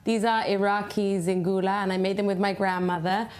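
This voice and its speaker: A woman's voice: mid-range voice, level tone, fairly quick, darkish tone. A woman guest in a TV studio, earnestly explaining a traditional dessert. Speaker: podcaster and recipe developer. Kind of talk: studio interview.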